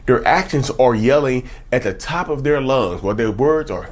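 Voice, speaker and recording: Animated man giving a self-help talk. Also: medium pitch, moderate pace. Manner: emphatic, repeats key phrases, addresses listeners as y'all. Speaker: host.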